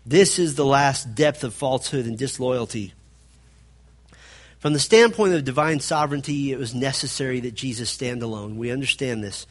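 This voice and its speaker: A man preaching a sermon, swinging between loud emphatic passages and hushed, low stretches as he retells a scripture story. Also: normal speed.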